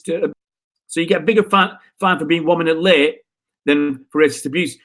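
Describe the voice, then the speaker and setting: A man's voice: on the high side, moderate pace, fairly bright tone. A man hosting a live football stream, ranting in frustration and answering viewer comments with rhetorical questions. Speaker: football channel host.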